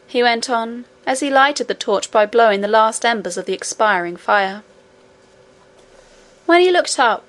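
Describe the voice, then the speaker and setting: A woman narrating a children's fantasy novel aloud in a steady storybook manner. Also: mid-range voice. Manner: steady storybook reading, voicing each character. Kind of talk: audiobook narration.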